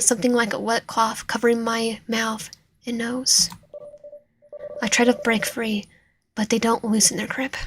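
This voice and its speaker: A woman's voice: a little high, slight background noise. Woman reading a visual novel aloud. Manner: reads dialogue and narration with lively reactions, some whispered lines. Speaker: streamer playing a visual novel. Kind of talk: reading game text aloud while playing.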